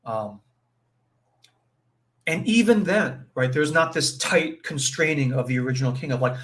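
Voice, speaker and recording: A man's voice: fairly high pitch, lively intonation, normal speed, a bit bright. Chatty man teaching with many fillers. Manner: conversational, full of fillers and "right?" check-ins; acts out brief quoted voices with chuckles. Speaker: spiritual teacher leading a session. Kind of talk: informal spiritual teaching on a folk tale.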